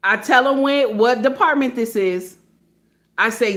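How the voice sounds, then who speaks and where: A woman speaking in a casual monologue, blunt and animated, acting out phone calls and driving points home with repeated "okay?". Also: fairly high pitch, a little slow. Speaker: social media commentator.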